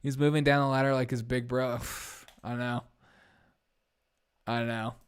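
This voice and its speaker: Young guy rambling on his stream, blunt and chatty, voice comes through smooth and clean. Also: mid-range voice, level tone, measured pace. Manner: blunt, rambling, reads chat aloud. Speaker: live-stream host. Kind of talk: casual live-stream chat.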